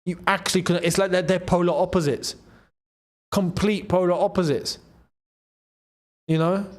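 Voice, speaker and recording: A young man hosting a casual live football watchalong, excitable and bantering, laughing often. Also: high voice, moderate pace. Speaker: football channel host.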